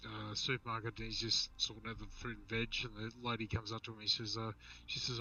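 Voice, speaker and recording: A man's voice: fairly low pitch, level tone, brisk, sharp tone, distant mic, poor audio. A man on a live stream telling a long joke in a rambling, casual way. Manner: rambling storyteller, restarts and fillers. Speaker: caller on a stream.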